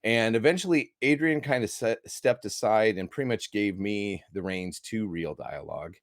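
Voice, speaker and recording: Guest spot: American film critic, eager and talkative, lowish voice, dry close sound. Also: male voice, moderate pace, dry recording. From United States. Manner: enthusiastic, rambling with restarts. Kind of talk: casual interview talk.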